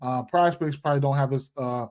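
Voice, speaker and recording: A man's voice: mid-range voice, fast, darkish tone. A man hosting a live sports betting stream, talking in a slangy, rambling way and chatting with his viewers. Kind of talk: casual live stream chat.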